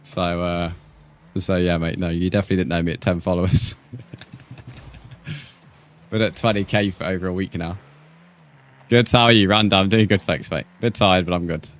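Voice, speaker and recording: A man's voice: sits low, steady tone, moderate pace, long pauses, a bit bright. A man streaming a game, chatting casually with viewers and calling them "mate". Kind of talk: casual live-stream chat.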